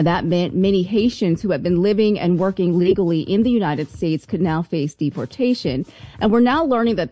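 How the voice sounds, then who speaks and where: A woman giving a news report on a radio talk show, measured and with a few fillers. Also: on the low side, mellow, dry recording.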